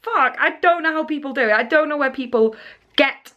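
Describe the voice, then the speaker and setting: A young woman vlogging casually, telling a story in a chatty, animated way with nervous laughs and restarts. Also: sits high, fairly quick, muffled recording.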